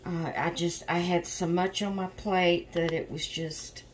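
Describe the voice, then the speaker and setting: A woman's voice: lowish voice, steady tone, measured pace, a little hiss or hum. A woman hosting a doll vlog in casual chat, tired and yawning, rambling openly about her stress. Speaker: reborn doll channel host.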